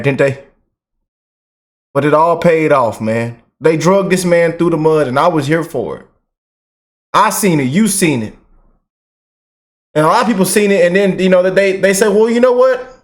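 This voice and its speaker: Excitable high-voiced man reacting. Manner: excited, animated, talks fast in bursts, drawls slow commands. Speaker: commentary channel host. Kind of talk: casual reaction commentary.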